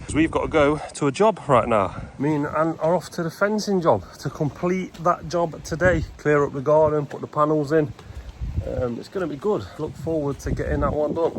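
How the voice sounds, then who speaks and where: A man giving casual vlog commentary to viewers while he works on fencing jobs outdoors, matter-of-fact and chatty. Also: on the high side. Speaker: fencing tradesman vlogger. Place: outdoors at work sites and a yard, windy. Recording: wind noise outdoors.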